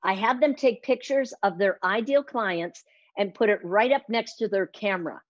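A woman's voice: medium pitch, moderate pace, dry recording, highs cut off. A woman speaking coach talking energetically as an interview guest, acting out little quotes in changing voices. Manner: energetic, acts out quotes with shifting voice. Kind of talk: lively interview talk.

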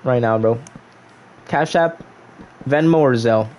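A man's voice: medium pitch, a little slow, darkish tone. A young man casually chatting on a gaming livestream, reading viewers' chat aloud and joking back at them.

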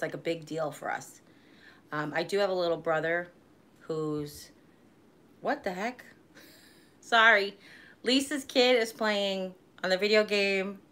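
A woman in her forties with a fairly low voice talks to her viewers in a loose, rambling way. She chats casually and laughs easily as she goes. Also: bright, forceful tone. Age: 40s. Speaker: vlogger hosting a live stream. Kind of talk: casual live-stream chat.

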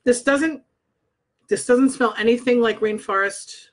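A woman's voice: on the high side, a little slow. A married woman, a scent consultant, chatting bluntly and swearing casually as she reads scent descriptions aloud in a vlog. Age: adult, married. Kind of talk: casual product review vlog. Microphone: own microphone.

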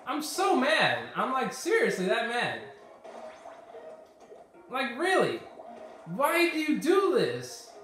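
Exasperated gamer man yelling at a game. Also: very high voice, wildly swooping pitch, slow, pauses often, heavy reverb, faint music behind. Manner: frustrated, swearing, yelling at the game. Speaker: gaming YouTuber. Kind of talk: let's play commentary.

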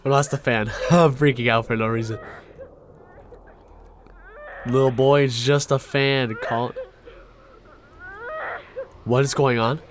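A man's voice: medium pitch, steady tone, takes it slowly, pauses often, a little hiss or hum. A man streaming a horror game, reacting with jumpy outbursts and constant swearing. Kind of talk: horror game let's play commentary.

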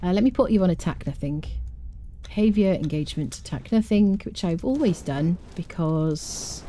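A woman with a fairly low, mellow, relaxed voice, talking through a live game stream. Her chat is loose and rambling, full of asides to viewers. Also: normal speed, slight background noise. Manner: chatty, rambling, answers chat.

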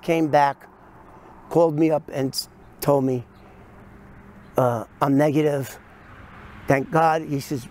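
A middle-aged man telling a story in a casual way to camera, acting out the quoted voices with animation. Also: high voice.

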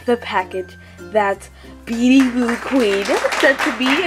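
A female vlogger, gushing and excitable, who is sick and sounds a little off while unboxing a package. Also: fairly high pitch, slow, music in the background, crowd noise. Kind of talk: unboxing vlog.

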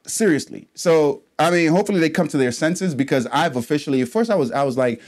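A man's voice: animated, fast. Ranting, profane man vlogging his reactions. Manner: swings from low mumbling to heated loud outbursts. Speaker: reaction channel host. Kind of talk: casual reaction vlog commentary.

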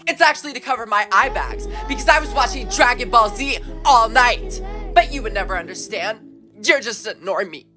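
Comedy sketch: a woman doing a condescending teen girl who craves attention, fairly high voice, music behind. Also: animated, moderate pace, natural voice. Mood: smug. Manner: condescending, dramatic, whiny outbursts. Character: smug attention-seeking teen schoolgirl, show-off.

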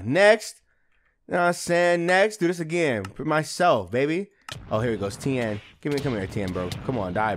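A young man giving casual, slangy gameplay commentary, trash-talking enemies and yelling at big moments. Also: mid-range voice, slight background noise. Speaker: gaming YouTuber.

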